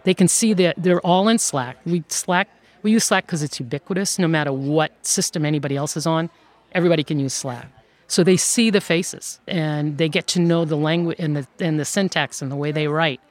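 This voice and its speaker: A woman who runs an outsourcing firm, telling stories in an interview in a lively way and laughing often. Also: low voice. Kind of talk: conversational interview storytelling.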